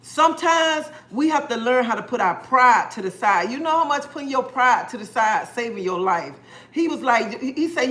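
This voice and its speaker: On her casual livestream, a middle-aged woman speaks at an ordinary pace in a slightly bright, fairly high voice with lively intonation. Her tone is earnest and preachy, and she greets viewers individually while circling back to repeat herself.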